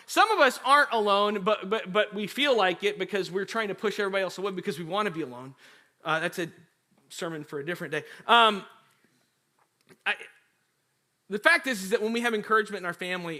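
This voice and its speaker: A man preaching a sermon as a pastor, telling a story in a chatty way, acting out quotes and talking straight to the congregation. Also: sits high. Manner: animated storytelling with acted quotes; chatty, addresses the congregation directly.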